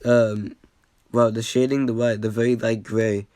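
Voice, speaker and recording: A man's voice: medium pitch, flat delivery, unhurried, warm tone, no echo. Dry, rambling young man reacting. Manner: loose and rambling, with fillers. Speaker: YouTuber reacting to his old video. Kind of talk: casual reaction commentary.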